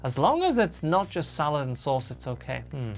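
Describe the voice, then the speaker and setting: A woman's voice: sits low, sing-song, moderate pace, faint music behind. A woman live-streaming from a home room, chatting casually and reading viewer comments aloud as she answers them.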